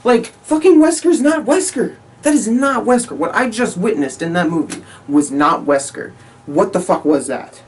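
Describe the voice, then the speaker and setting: A man's voice: high-pitched, lively intonation, normal speed, distant mic, slight background noise. Man reviewing a film, exasperated rant, heavy swearing, repetitive, mic set back a little. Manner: exasperated, repetitive ranting with frequent swearing and laughs. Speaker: movie reviewer. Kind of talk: casual spoken review.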